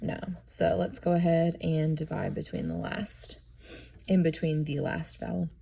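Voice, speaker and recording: Low husky woman teaching a class. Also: big pitch swings, unhurried, dark tone. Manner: step-by-step, modeling each step aloud. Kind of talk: classroom instruction on syllabication.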